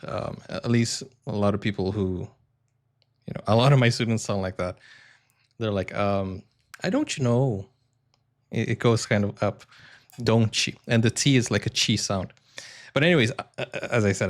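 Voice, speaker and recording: Portuguese-native english teacher guy reacting to a video, casual and rambly, lots of ums. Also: on the low side. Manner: chatty, hesitant, many ums and self-corrections.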